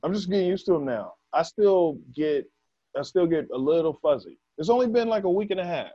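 Lively joking man, lo-fi sound. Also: on the high side, a little fast. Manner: joking, laughs often, profane slang. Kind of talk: casual chat. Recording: dull lo-fi sound, dry.

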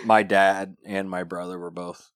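A man's voice: deep voice, level tone, unhurried, smooth, dry recording, clean studio sound. Wry man chatting casually. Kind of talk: casual chat.

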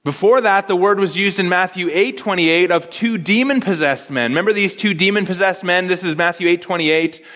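A pastor with a high-pitched male voice delivers an earnest, conversational sermon, often repeating and restarting his words. The sound carries a long reverb from a church sanctuary. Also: brisk, hardly any pauses, a bit bright.

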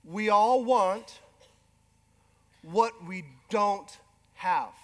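A middle-aged male pastor preaching a sermon with animated, self-deprecating humor. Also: high-pitched, very slow. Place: large church hall. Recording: long hall reverb.

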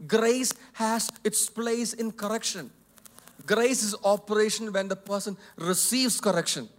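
Emphatic pastor, high voice. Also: male voice, steady tone, a little slow. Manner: emphatic, repetitive, swings between loud and soft. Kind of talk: sermon. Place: church hall.

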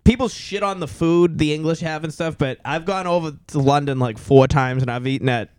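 A man's voice: on the high side, brisk, a little mellow, clean tone, dry recording. A laid-back young man, an actor and comedian, in casual chat, swearing a lot and saying "dude" often. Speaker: podcast co-host, actor and comedian.

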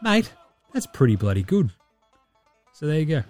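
Aussie bloke hosting a sports pod, sweary and sarcastic, bit higher voice, faint music under it. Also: male voice, sing-song, normal speed, a little mellow, dry recording. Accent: Australian. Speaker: podcast host. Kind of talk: casual sports chat.

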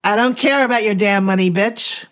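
A woman's voice: medium pitch, moderate pace, a bit bright, voice pushed up, close to an everyday voice. A woman voicing a vicious male knife attacker who hisses threats, in a read-aloud story. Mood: contemptuous. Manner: hissing threats.

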